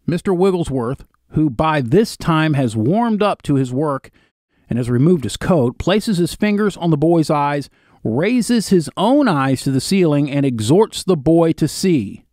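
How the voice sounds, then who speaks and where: A man's voice: a little high, a little slow, no echo, clean studio sound. Man reading an old account aloud. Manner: steady reading, broken by casual spoken asides. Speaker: video narrator.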